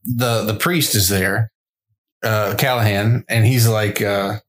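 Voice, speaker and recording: A man co-hosting a podcast, chatting casually about a horror film, animated and laughing often as he goes off on tangents. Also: on the low side, takes it slowly. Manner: animated, laughs often, jumps into silly voices. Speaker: podcast co-host. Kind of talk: casual movie review chat.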